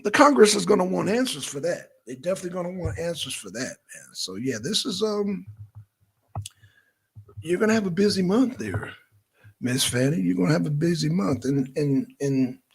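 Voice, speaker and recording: Man, Southern Georgia accent, livestream host, casual chatty commentary, raised pitch, gravelly. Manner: chatty, addresses viewers directly, gives shout-outs.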